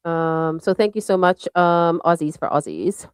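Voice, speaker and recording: A woman's voice: lowish voice, a little slow, smooth, no room sound. A woman hosting a casual livestream chat, bubbly and thanking viewers one by one. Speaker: show host.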